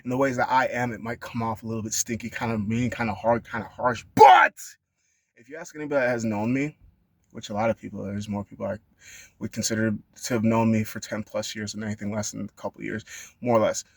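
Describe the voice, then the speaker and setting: A man talking in a rambling, profane monologue that sometimes bursts into high-pitched shouting. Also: steady tone, quick pace, dry recording. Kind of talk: casual monologue rant.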